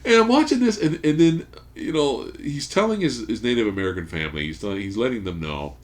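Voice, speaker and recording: A man hosting a podcast, casually recapping a movie plot as an animated storyteller who swears freely. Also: medium pitch, a little fast. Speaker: podcast host. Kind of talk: casual movie review chat. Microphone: studio podcast mic.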